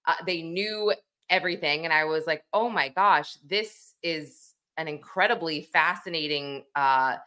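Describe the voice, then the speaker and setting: A woman's voice: low-pitched, unhurried, bright, forceful tone. A woman hosting a true-crime podcast, talking in a chatty, enthusiastic way with plenty of fillers. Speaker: podcast host. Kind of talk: casual interview.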